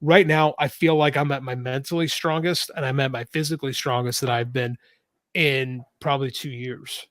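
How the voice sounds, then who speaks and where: A man's voice: mid-range voice, fairly even intonation, normal speed, fairly bright tone, dry recording. A middle-aged man, an author and podcast co-host, talking frankly and at length in a casual interview, swearing freely and often restarting his sentences.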